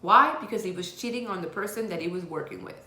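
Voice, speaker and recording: In a confessional vlog, a woman with a lowish, bright, forceful voice speaks fast as she recounts her own hard life story candidly and rawly, swearing bluntly. The recording has a roomy echo.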